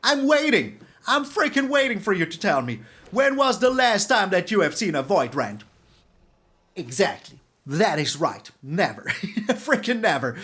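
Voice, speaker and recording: A man giving excitable gameplay commentary on a card game, exclaiming and repeating words for emphasis. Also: sits high, measured pace, slightly rough. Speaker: streamer playing a card game.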